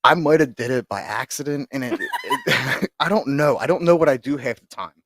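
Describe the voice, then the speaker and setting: A man's voice: fairly high pitch, wildly swooping pitch, normal speed, a bit bright, breathy edge, dry recording. A man co-hosting a sports podcast, talking in a loose, rambling way with frequent restarts and casual swearing. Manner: rambling, profane, restarts a lot. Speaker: podcast co-host.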